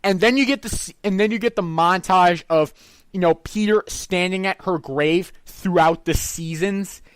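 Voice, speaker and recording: A man's voice: high voice, moderate pace, smooth. A man co-hosting a movie review chat, bluntly and emphatically repeating his complaints. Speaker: co-host of a movie review show.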